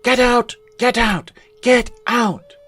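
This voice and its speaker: A man voicing a group of small, mean ducklings who jeer and yell in a storybook reading. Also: high-pitched, sing-song, slow, breathy edge, faint music behind, pitched above the performer's own voice, full character voice. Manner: mocking, yelling.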